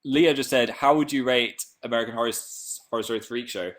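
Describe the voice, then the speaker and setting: A man's voice: medium pitch, brisk, fairly bright tone. A young man from England hosting a casual live stream, chatting playfully and reading out viewer comments.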